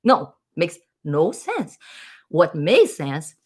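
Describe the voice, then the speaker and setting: A woman's voice: deep voice, wildly swooping pitch, very slow, slightly rough. A woman vlogger musing in a casual monologue, rambling and hesitating as she searches for words.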